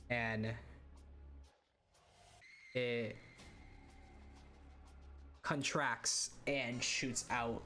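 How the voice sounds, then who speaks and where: A man's voice: medium pitch, steady tone, measured pace, fairly bright tone, soft background music. A man running a tabletop role-playing game, narrating in a loose, rambling way full of "like" and "uh". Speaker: game master.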